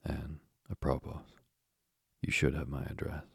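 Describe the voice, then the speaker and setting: A man voicing a sinister, secretive man in an audiobook, curt and guarded, with a husky, whispery delivery. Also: extremely low pitch, flat delivery, a little slow, no room sound, clean studio sound, exaggerated voice. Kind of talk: audiobook character reading.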